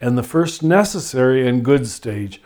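A man speaking as a spiritual teacher in a reflective conversation, thoughtful and soft-spoken. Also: medium pitch, expressive, moderate pace.

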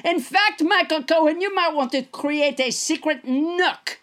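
A man's voice: extremely high pitch, a little slow, fairly bright tone. A man doing an impression of a vain, boastful male president with a put-on French accent. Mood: menacing. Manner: boastful, rambling, threatening. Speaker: comedian. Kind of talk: improv comedy impression.

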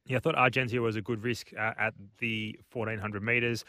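A man giving racing analysis in a low, flat delivery with a sharp, bright edge. He sounds matter-of-fact, close and dry on the mic. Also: a little fast, no echo. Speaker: racing tipster.

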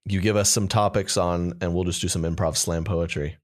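A man's voice: low voice, fairly even intonation, fairly quick. A man co-hosting a casual comedy podcast, rambling and playful, at times improvising slam poetry. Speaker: podcast co-host.

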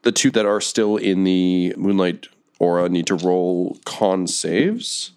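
A man with a lowish voice narrates a tabletop game as its game master. He describes the action vividly and drops playful comic asides. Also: slow pace, a little mellow, smooth.

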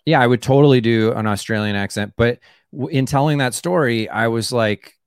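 Man, comedian guest, rambling casual talk, lots of fillers, smooth lowish voice, dry sound. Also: brisk, no echo. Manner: rambling, many fillers and restarts. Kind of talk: casual chat.

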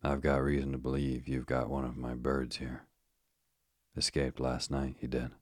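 A man reading the lines of a cheerful, callous, burly asylum keeper in a blunt, offhand way, as part of a calm sleep-story reading. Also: extremely low pitch, normal speed, dry recording, clean studio sound.

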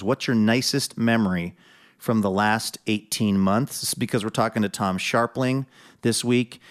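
A man from the US Northwest hosting a radio show, chatty and quick to laugh. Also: mid-range voice. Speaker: host.

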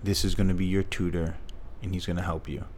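A man's voice: low-pitched, flat delivery, fast, a little mellow, a little hiss or hum. A middle-aged man earnestly telling a personal story as an interview guest.

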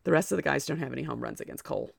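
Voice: mid-range voice, very fast, gravelly, no room sound. A podcast host talking through a solo sports show, out of breath and chatty, with personal asides.

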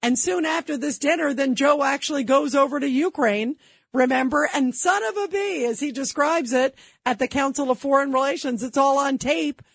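A woman's voice: high voice, steady tone, moderate pace, no echo. A woman hosting a talk radio show, delivering an emphatic, indignant political commentary monologue full of rhetorical questions.

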